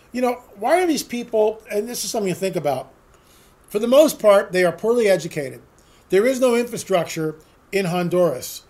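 Combative high-voiced man. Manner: combative, sarcastic, rambling with rhetorical questions. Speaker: talk radio host. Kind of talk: political monologue.

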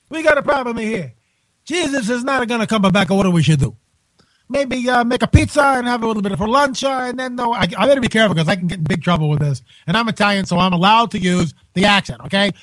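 A man's voice: sits high, a bit bright, low-quality recording. A man hosting a live radio talk show from home, emphatic and incredulous, full of rhetorical questions and restarts.

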